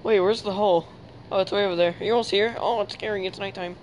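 A man's voice: sits high, steady tone, fast talker, slight background noise, rough recording. A man hosting a casual gaming chat, teasing his friend and laughing constantly. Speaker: channel host.

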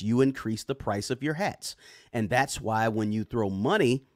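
A man's voice: medium pitch, dry recording, clean studio sound. A man hosting a live finance stream, walking viewers through a chart with a casual, repetitive style and lots of "right?" and "guys". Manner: restarts and repeats words. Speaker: finance YouTuber. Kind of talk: live screen-share explainer.

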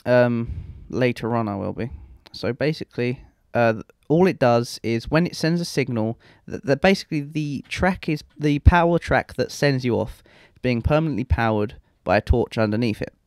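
A man's voice: mid-range voice, moderate pace, hardly any pauses, a little mellow, dry recording, studio quality. A young man giving rambling, self-mocking gameplay commentary and swearing freely. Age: young adult. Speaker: let's play host.

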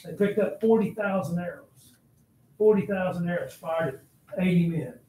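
A man's voice: sits high, normal speed, mellow. A male history teacher telling a story to his class in a dramatic, blunt manner and speaking straight to the students, recorded in an echoey classroom. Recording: echoey classroom, faint noise.

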